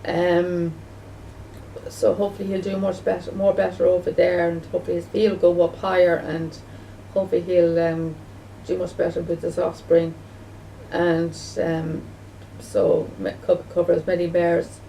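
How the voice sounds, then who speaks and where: A woman's voice: lowish voice, level tone, moderate pace, creaky, dark tone, highs cut off. A woman vlogger talking casually to the camera, rambling and repeating herself with many restarts, recorded from a distance. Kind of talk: casual home video talk. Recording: distant mic with faint background noise.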